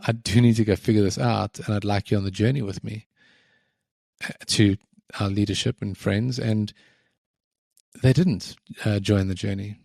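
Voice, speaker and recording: A man's voice: lowish voice, steady tone, normal speed, vocal fry, long pauses, mellow, no echo, clean studio sound. A man co-hosting a podcast, talking earnestly and reflectively in a casual conversation, often restarting his sentences. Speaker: podcast co-host.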